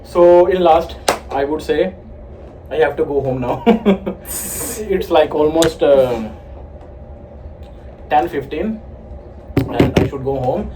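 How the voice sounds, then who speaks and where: A man's voice: a little high, slow pace, pauses often. A man, a vlogger and personal trainer, chatting casually, teasing and laughing, calling his friend bro. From India. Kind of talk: casual vlog chat. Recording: far from mic, faint background noise.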